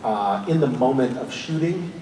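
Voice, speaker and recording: A man's voice: mid-range voice, expressive, moderate pace, warm tone. A man in his forties answering fan questions at a convention panel, telling rambling, self-deprecating stories and laughing often. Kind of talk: casual Q&A storytelling. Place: large convention hall. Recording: echoey hall recorded from far off with noise.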